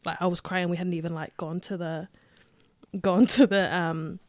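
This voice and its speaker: A young woman, a rugby player telling her story as a podcast guest, lively and laughing, with lots of "like" fillers. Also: on the low side, moderate pace, no echo. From Australia. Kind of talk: casual interview storytelling.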